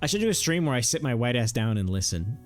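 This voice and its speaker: A man's voice: mid-range voice, big pitch swings, fast, faint music behind. A young man streaming a game, riffing jokes to his chat and laughing often. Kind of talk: casual livestream banter while gaming.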